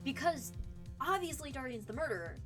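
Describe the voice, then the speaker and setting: A woman's voice: sits high, expressive, brisk. A woman streamer giving casual let's-play commentary, emotional and thinking aloud, swearing now and then. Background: game music.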